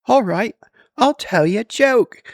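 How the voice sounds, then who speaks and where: A man's voice: high voice, expressive, measured pace, no echo, studio quality, voice pushed up, full character voice. A man voicing a prim British AI assistant, putting on a weak imitation of a British accent. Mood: chirpy. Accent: British, put on.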